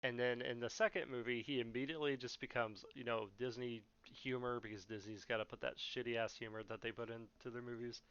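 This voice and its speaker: A man's voice: mid-range voice, fairly even intonation, fairly quick, hardly any pauses, a bit bright, clear, resonant tone, highs cut off. Profane young man ranting on a podcast. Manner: profane, laughing, mocking. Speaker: podcast host. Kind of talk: casual podcast rant.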